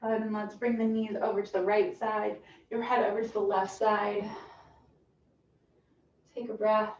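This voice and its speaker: A woman fitness instructor calmly cueing a stretching class with encouraging guidance. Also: mid-range voice, measured pace. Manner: calm, encouraging cueing with soft breathy asides. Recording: roomy, distant, dull sound with faint hiss.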